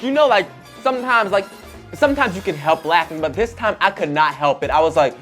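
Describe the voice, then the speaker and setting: A young man hosts his own talk show, spilling gossip in a chatty, rambling way packed with fillers. His voice sits at a middling pitch. Soft music plays faintly underneath. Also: lively intonation, fairly quick. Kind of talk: casual gossip storytelling.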